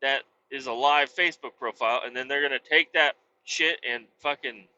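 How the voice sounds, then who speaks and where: Bright-voiced trucker swearing freely while driving. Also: male voice, medium pitch, normal speed. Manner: blunt, rambling, swears freely. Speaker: trucker vlogger. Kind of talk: casual chat while driving. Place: truck cab on the highway. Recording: dull lo-fi audio with faint road noise.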